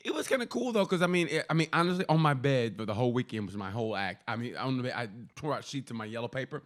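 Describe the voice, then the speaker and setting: A man co-hosting a casual comedy podcast, telling stories at a fast clip. His pitch swings widely as he rambles through anecdotes, often with a laugh. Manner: animated storytelling, quick and rambling with laughs. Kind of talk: casual chat.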